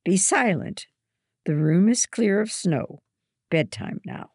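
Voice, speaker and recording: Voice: mid-range voice, animated, takes it slowly, a little mellow, breathy edge, no echo, clean studio sound, pitched above the performer's own voice, heavily acted. A reader voicing a stern, strict boarding-school matron who scolds and gives orders, in a storybook reading. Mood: stern scolding. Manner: scolding, commanding.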